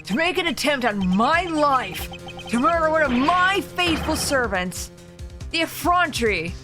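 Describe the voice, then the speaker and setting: A woman's voice: high voice, very animated, measured pace, voice pushed up. A woman voicing a haughty male head of state in a game, reading grandiose commanding lines over game music. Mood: pompous.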